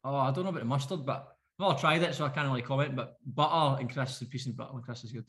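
A Scottish man co-hosting a podcast, teasing his co-host in quick banter. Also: medium pitch, fairly bright tone. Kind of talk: casual podcast chat.

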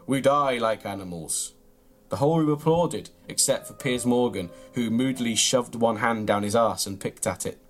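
A man reads out an absurd comic memoir in a deadpan, mock-earnest way. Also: mid-range voice. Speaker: comedy podcast host reading his own mock memoir. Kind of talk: deadpan comic reading of a story, then casual chat.

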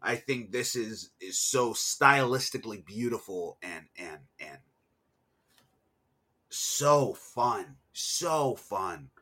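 A man co-hosting a casual podcast chat about films, animated and given to loud, high exclamations. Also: slow pace. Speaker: podcast co-host.

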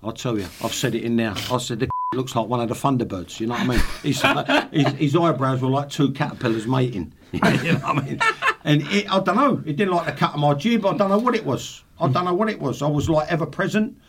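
A man's voice: mid-range voice, fairly quick, noisy background. A man in his sixties, a podcast guest, telling swearing football anecdotes with laughs. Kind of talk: casual storytelling.

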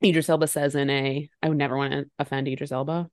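A woman in her thirties co-hosts a podcast, chatting casually and sarcastically about a movie and putting on voices for quotes. She talks fast with a low, flat, smooth, slightly mellow delivery. The studio sound is clean, with no echo.

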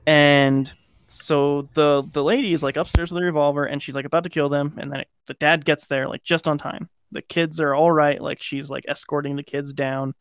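In a dry recording, a man co-hosting a podcast retells a movie's plot at a moderate pace, his voice a little high, steady and clean. His telling is casual and rambling, packed with "like" and restarts, and he acts out the quoted lines.

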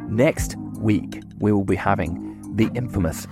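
A man hosting a podcast in a relaxed, chatty, self-deprecating way, asking questions and wrapping up the episode. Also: lowish voice, a little slow, music in the background. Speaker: podcast host. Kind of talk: casual podcast chat and outro.

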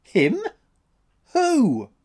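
A man voicing a gruff, skeptical male sea captain in a spoken story, brusque and commanding. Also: high-pitched, huge pitch swings, drawn-out words, a little mellow, pitched above the performer's own voice, exaggerated voice.

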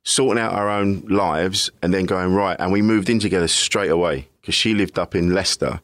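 Deep-voiced Englishman, rambling and candid. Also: moderate pace, a bit bright, no room sound. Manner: rambling, self-deprecating, laughs easily. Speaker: comedian and podcaster, guest. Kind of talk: candid casual chat.

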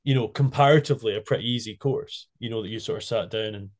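A man hosting a casual podcast, telling stories in an animated way and laughing a lot. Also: on the low side, fast. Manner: animated storyteller, laughs a lot, loose phrasing. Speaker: podcast host. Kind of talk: casual chat.

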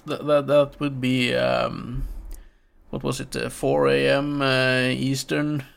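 A Norwegian man with a gravelly, fry-tinged voice co-hosts a casual English-language podcast. He is a native Norwegian speaker who hesitates a lot, filling pauses with "uh" and "um". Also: mid-range voice, little pitch movement. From Norway. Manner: hesitant, many "uh" fillers. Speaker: podcast co-host.

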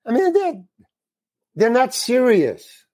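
An older man, a guest actor, telling a frank, animated story and acting out the dialogue in it. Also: extremely high pitch, slow, no room sound. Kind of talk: anecdotal storytelling.

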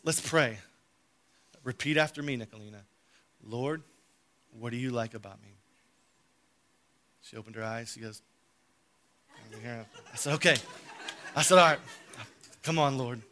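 A man preaching a sermon, telling a family story, then reading scripture aloud with big swings from soft to loud. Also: fairly high pitch.

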